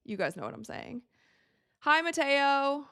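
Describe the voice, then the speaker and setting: A woman's voice: sits high, a little slow, dry recording, clean studio sound. Chatty woman reacting live to a game. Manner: chatty, animated, reacting to plays. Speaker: livestream host. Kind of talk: casual live commentary.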